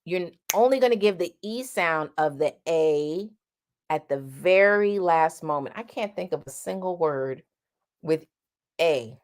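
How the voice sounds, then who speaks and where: A woman coaching singing at an unhurried, deliberate pace. Her speaking voice sits a little low, and she cuts in with sung, held vowels to show each shape. Her tone is plain and no-nonsense. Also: expressive, darkish tone. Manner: sings vowel demonstrations between explanations; direct, blunt coaching. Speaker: singing teacher. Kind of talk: vocal lesson with demonstrations.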